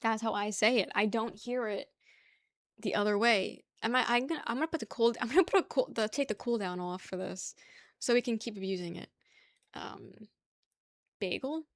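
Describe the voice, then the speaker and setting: A woman's voice: on the high side, moderate pace, no room sound. A young woman from the New area, chatting casually on a stream, rambling, laughing often and reading chat aloud. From New York area.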